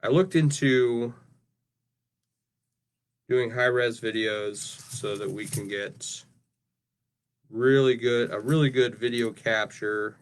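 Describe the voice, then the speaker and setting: A man with a medium-pitched voice talks casually through his craft work on a livestream, and there's slight background noise. He rambles and keeps ending sentences with "right?"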